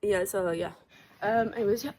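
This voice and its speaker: Brief: excitable woman, rambling vlog talk, handheld camera outdoors, faint background noise. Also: mid-range voice, normal speed. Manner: chatty, rambling, excitable, slangy. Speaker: vlogger. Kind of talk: casual vlog narration while exploring. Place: outdoors at a ruined castle, rainy.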